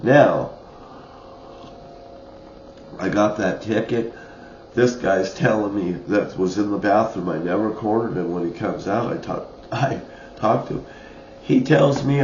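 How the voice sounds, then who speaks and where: A man's voice: lowish voice, unhurried, long pauses, darkish tone, slight background noise. A man in an angry, rambling monologue, swearing often and laughing now and then. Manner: profane, ranting, with short laughs. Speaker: vlogger. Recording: dull, roomy lo-fi recording.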